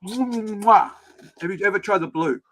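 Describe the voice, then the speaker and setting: New zealand accent, man, livestream host, gravelly, slightly high, slangy casual rambling. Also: normal speed, fairly bright tone. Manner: rambling, slangy, laid-back. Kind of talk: casual chat.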